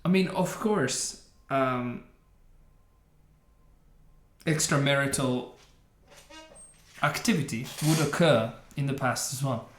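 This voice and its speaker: A man's voice: medium pitch, takes it slowly, long pauses. A man hosting a game reaction video, giving opinionated, sarcastic commentary and laughing often. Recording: roomy echo.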